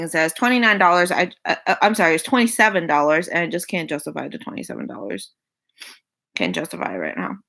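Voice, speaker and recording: A makeup vlogger in her twenties, with a medium-pitched and fairly bright voice, casually runs through her makeup wishlist. She repeats herself and sighs and laughs between items.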